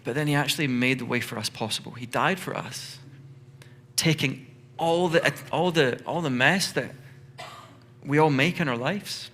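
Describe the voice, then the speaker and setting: Preaching loosely and conversationally, this male pastor animates his stories with a bright, clear voice sitting at an ordinary man's pitch. His pace is moderate.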